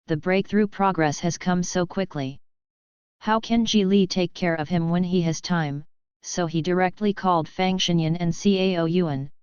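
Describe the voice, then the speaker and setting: A woman reading a novel aloud as an audiobook narrator, in an even, measured way. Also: lowish voice, clean tone, dry recording, dull audio. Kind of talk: scripted narration.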